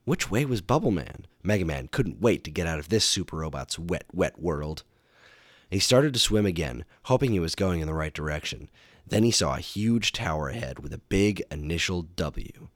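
A man with a very low voice reads a children's adventure book aloud. His storytelling is animated and dramatic, pushing up for exciting moments. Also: normal speed, no room sound, studio quality. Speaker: storybook reader. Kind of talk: audiobook narration for children.

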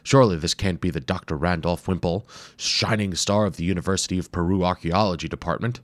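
A man's voice: low-pitched, quick pace, no echo, natural voice. A man voicing an eager, confident male archaeologist with ninja training who teases his friend, in a storybook reading. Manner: upbeat, teasing and confident.

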